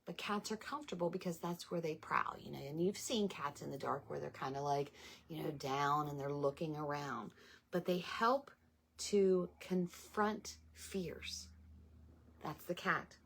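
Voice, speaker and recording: Middle-aged female host, slightly low voice, rambling spiritual chat with fillers. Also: a little slow, vocal fry, slight background noise. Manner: chatty, meandering, with many ums and asides. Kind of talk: casual talk to viewers.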